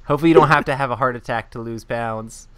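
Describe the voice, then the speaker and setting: A man's voice: mid-range voice, smooth, no echo. A man hosting a casual podcast, teasing and joking with his co-hosts. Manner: joking, quick to laugh. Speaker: podcast host.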